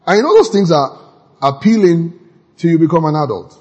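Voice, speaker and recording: A man preaching a sermon in an animated way, now and then shouting out quoted lines. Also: on the high side, brisk, husky. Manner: animated, acts out quoted voices with sudden shouts. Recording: long hall reverb.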